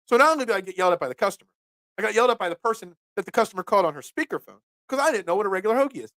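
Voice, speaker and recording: A man who hosts a casual sports talk show and rambles through animated stories. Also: high voice, very fast, dry recording. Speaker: sports podcast host and pizza shop owner.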